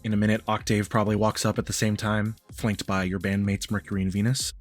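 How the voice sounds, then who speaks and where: A man's voice: lowish voice, level tone, fast talker. Man narrating as game master for a tabletop role-playing game. He moves between loose explanations full of fillers and scene narration. Faint music plays behind him.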